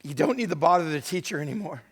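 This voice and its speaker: A male pastor delivering a sermon, retelling scripture stories with acted-out voices, moving between hushed, intimate moments and loud, emphatic ones. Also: on the high side, lively intonation, fast, slightly rough. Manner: dramatic storytelling, acting out voices of scripture figures.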